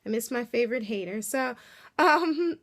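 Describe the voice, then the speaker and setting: A woman's voice: on the high side, lively intonation, normal speed. A woman casually recapping a TV episode, chatty and full of fillers, acting out little reactions as she goes. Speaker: TV episode reviewer.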